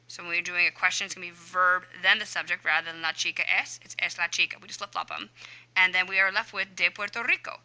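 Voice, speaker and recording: A woman Spanish teacher explaining a homework answer key, chatty and thinking out loud as she works through each question. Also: on the low side, rough recording. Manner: chatty, talks herself through each step aloud.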